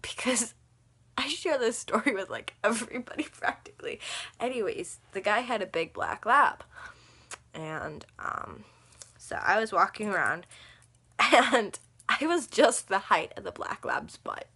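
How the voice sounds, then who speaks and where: A young woman telling a rambling story on her vlog, laughing often as she talks, with a slightly husky voice. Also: medium pitch, sing-song, unhurried, bright, forceful tone. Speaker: vlogger.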